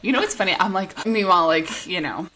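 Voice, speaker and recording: A woman with a bright, forceful voice co-hosts a relaxed podcast. She mostly answers with quick exclamations and short comments. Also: on the low side, low-quality recording. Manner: reacts briefly with exclamations. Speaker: podcast co-host. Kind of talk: casual chat.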